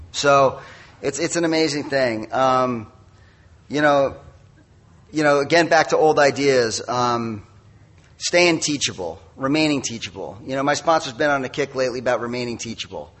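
A middle-aged man shares his recovery story at a meeting. His voice is husky and sits at an ordinary pitch. He speaks candidly and mocks himself, with quick asides. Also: expressive, a bit bright. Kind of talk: personal testimony talk.

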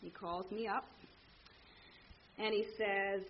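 A woman telling her recovery story to a meeting, candid and animated, acting out the people in it. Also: on the high side, moderate pace, lo-fi sound, a little hiss or hum. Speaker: speaker sharing at a recovery meeting. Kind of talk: personal story told to a meeting.

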